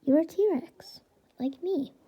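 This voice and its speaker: A woman voicing a calm mother T-Rex with a mild, reassuring manner. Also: extremely high pitch, slow, voice pushed up.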